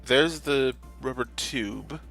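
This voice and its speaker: A man's voice: medium pitch, slow, gravelly, a bit bright, faint music behind. A man narrating his gameplay in a casual, rambling, jokey way, often correcting himself mid-sentence. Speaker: gamer, channel host. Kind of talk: casual let's-play commentary.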